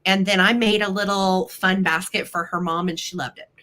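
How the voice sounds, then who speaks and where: A woman's voice: medium pitch, steady tone, moderate pace, sharp tone. A woman hosting a live-stream vintage sale from home, chatty and friendly, her voice a little weak after being sick. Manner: chatty, friendly, apologetic asides. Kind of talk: casual live-stream sales pitch.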